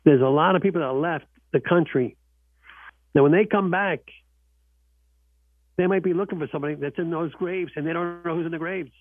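A man's voice: on the high side, fairly quick, long pauses, no room sound. A man hosting a radio talk show in casual chat, earnest and repeating himself for emphasis. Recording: dry tinny phone-like sound.

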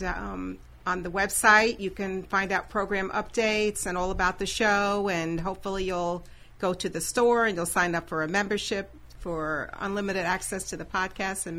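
Friendly radio host, woman, bright and clear, casual studio chat. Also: medium pitch. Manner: friendly, chatty, laughs easily. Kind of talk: casual radio talk show.

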